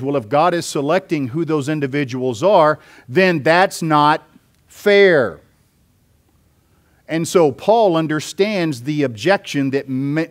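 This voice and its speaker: Pastor preaching a verse-by-verse sermon. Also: male voice, medium pitch. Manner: explains scripture step by step, with occasional fillers. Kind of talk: expository sermon.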